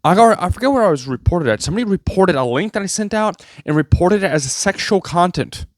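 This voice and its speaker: Sarcastic male vlogger, rambling rant, slightly high voice, dry close sound. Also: animated, fast, no echo. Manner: sarcastic, rambling, jumpy pitch. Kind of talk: comedic rant to camera.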